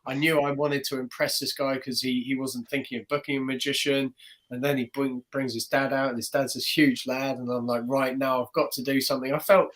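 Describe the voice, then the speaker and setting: A guy on a podcast telling a long story about a gig, lively, keeps slipping into other people's voices, mid pitch. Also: fairly quick. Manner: animated, acts out the voices of people in his stories. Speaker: guest magician. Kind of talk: casual storytelling.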